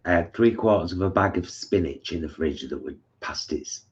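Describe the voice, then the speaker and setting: A man's voice: deep voice, normal speed. A man co-hosting a casual live-stream chat, telling stories in a chatty way over a dull, lo-fi recording. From England. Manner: chatty, storytelling. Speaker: co-host. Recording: dull lo-fi sound.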